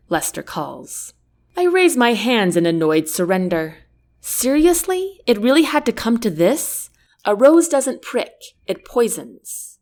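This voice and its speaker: A woman reads a first-person novel aloud for an audiobook, her fairly high voice unfolding slowly. Her delivery is expressive and driven by the characters.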